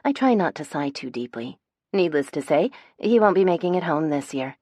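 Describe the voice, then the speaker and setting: A young adult woman narrating a first-person romance audiobook, lively and voicing bantering friends with a raised pitch. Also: moderate pace, dry recording.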